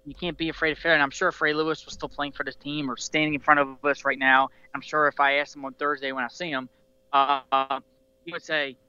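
A man's voice: on the high side, little pitch movement, brisk, bright, forceful tone, clear, resonant tone, no room sound, dull audio. A man hosting a casual sports talk show, rambling passionately like a devoted fan and restarting his sentences often. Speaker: podcast host.

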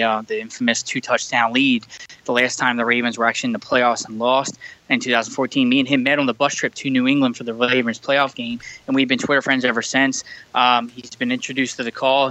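Here a man co-hosting a podcast rambles through a story full of fillers in a casual chat captured on a remote call mic. He has a medium-pitched, bright and forceful voice, recorded dry with the highs cut off.

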